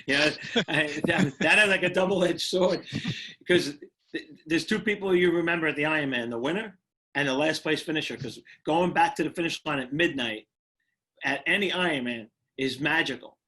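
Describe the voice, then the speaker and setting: A man's voice: on the high side, normal speed, sharp tone. A middle-aged man with a New York accent, a guest in an interview, telling his story in a casual way, often repeating words and restarting as he goes. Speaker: guest, retired firefighter and motivational speaker.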